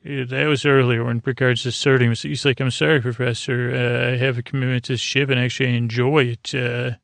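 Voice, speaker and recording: A man's voice: mid-range voice, little pitch movement, fairly quick, gravelly, fairly bright tone, dry recording. A man casually retelling an episode in a loose, rambling way, full of fillers and quoted lines. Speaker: podcast host. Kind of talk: casual sleepy recap.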